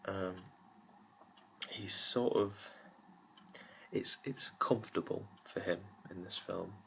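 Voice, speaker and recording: Low gravelly young man reviewing films. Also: a bit bright, slight background noise, low-quality recording. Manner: rambling, many fillers and restarts. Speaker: YouTube film reviewer. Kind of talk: casual film review talk.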